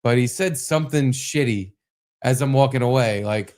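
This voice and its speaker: A young man co-hosting a podcast, telling a story with lots of swearing and animated bursts. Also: mid-range voice, normal speed. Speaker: podcast co-host. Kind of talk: casual podcast chat.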